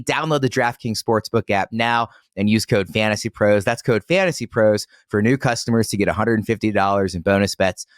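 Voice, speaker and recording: A man's voice: no echo, studio quality, lightly acted. A man putting on an exaggerated Australian accent to voice a sportsbook announcer who reads an ad full of slang. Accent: put-on Australian. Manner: exaggerated slang-heavy pitchman read.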